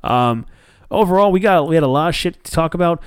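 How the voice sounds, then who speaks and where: Animated swearing male podcast host. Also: on the high side, fast, smooth, no echo, studio quality. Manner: animated storyteller, swears casually, acts out quotes. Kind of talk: casual podcast chat.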